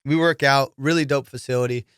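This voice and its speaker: Comedian guy rambling through stories, swearing a lot, smooth clear voice, dry close mic. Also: mid-range voice, fairly even intonation, brisk, a bit bright, dry recording. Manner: loose, profane, lots of dude and fillers. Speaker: comedian podcast host. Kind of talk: casual storytelling chat.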